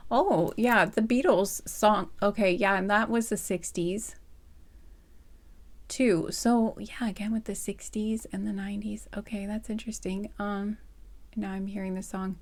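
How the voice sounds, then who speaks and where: A woman giving a casual pick-a-card reading, her voice slightly hoarse from an irritated throat, thinking aloud in a soft, hesitant, rambling way with many fillers and restarts. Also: medium pitch, steady tone, unhurried. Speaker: tarot card reader.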